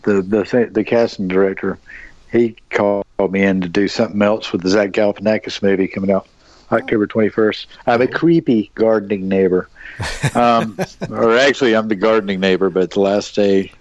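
A man's voice: lowish voice, a little fast, no room sound, muffled recording. Rambling man telling a story. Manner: rambling, animated storyteller with many fillers and restarts. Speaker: guest, convention actor. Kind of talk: casual storytelling on a podcast.

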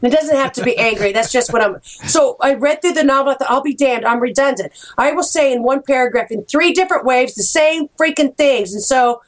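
Middle-aged American woman author, animated storyteller with a fairly high voice, casual chat. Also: fairly quick, hardly any pauses. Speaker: author guest.

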